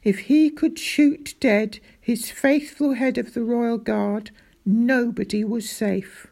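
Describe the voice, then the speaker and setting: Female storybook narrator, unhurried and measured, with a gravelly edge. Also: on the high side, fairly even intonation, a little mellow. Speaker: audiobook narrator. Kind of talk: scripted narration.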